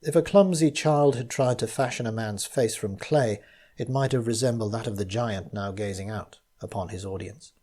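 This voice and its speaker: A man reading his own gothic mystery story aloud, in measured first-person narration. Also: lowish voice, dark tone.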